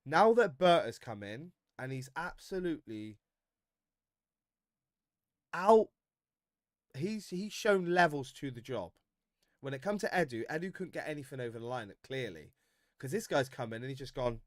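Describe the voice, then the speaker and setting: A man hosting a casual football fan livestream, reading viewer comments with animated banter and frequent laughs. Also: a little high, moderate pace, no echo, studio quality.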